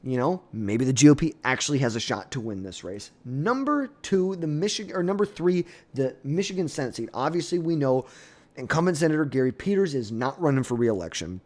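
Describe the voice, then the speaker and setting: A man's voice: medium pitch, very animated, a little fast. A young man giving blunt, opinionated political commentary in a casual, off-the-cuff way, often trailing off and restarting.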